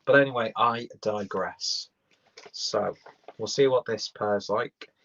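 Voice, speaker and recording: A man's voice: on the low side, slow pace, fairly bright tone. A young man giving a rambling, sweary, casual live-stream beer review, talking while chewing. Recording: dull lo-fi stream audio.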